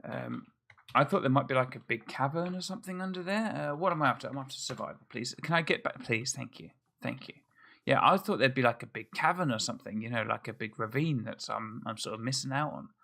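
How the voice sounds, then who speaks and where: A man with a bright, edgy tone and a gravelly rasp running through his voice chats his way through a game. He thinks out loud and pokes fun at himself as he builds. He speaks at a middle pitch. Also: a little fast. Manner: chatty, self-mocking, thinks aloud. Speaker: let's play host. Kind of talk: casual gameplay commentary.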